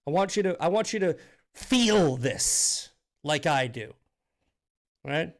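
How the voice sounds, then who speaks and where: A man's voice: fairly high pitch, animated, takes it slowly, a bit bright. A man hosting a live political commentary stream, fired-up and profane, often restarting his sentences. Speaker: host.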